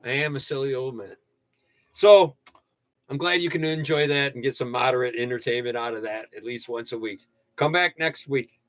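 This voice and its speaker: An older man hosting a casual livestream, ranting and joking with sudden loud outbursts. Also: medium pitch, normal speed, no echo. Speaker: livestream host. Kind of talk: casual livestream rant and sign-off.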